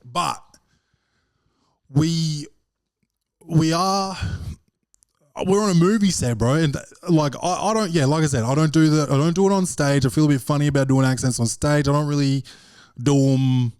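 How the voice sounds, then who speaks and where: An Australian man with a fairly high voice rambles through a casual podcast monologue. He swears freely and keeps calling the listener "bro." The close mic sounds dry and tight. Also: moderate pace, long pauses, darkish tone, no room sound. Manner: profane, rambling storyteller, slangy with repeated "bro". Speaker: podcast host and stand-up comedian.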